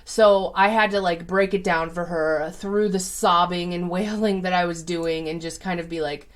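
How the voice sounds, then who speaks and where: A woman's voice: fairly low pitch, steady tone, normal speed, few pauses. A woman who reads tarot as a psychic, telling a personal story in a casual, chatty way with many fillers.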